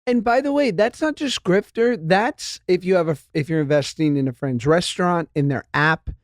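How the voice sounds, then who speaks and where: High-voiced man, chatty podcast host. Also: moderate pace, dry recording, clean studio sound. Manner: chatty storyteller, laughs often. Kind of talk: casual chat.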